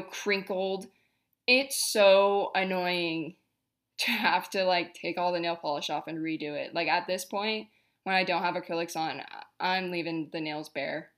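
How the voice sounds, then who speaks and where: Young woman rambling on her podcast, kinda low-pitched, fed up and chatty. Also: fairly bright tone. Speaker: podcast host. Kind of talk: casual monologue.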